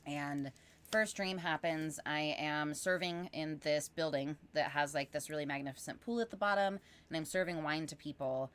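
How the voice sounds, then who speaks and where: A woman guest on a podcast, telling a long personal story casually, animated and rambling with lots of fillers. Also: sits low, normal speed, slight background noise.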